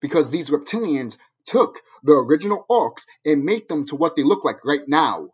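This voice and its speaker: A man delivers an angry, preachy rant, swearing constantly as he lectures his viewers. His voice is husky and a little high for a man. The recording sounds dull and lo-fi. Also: animated, moderate pace. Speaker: vlogger. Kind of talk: ranting monologue to camera.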